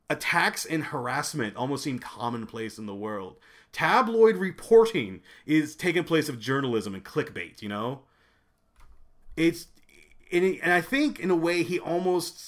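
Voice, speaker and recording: A man co-hosting a casual podcast about a film, talking with animated stops and restarts. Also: medium pitch. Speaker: podcast co-host.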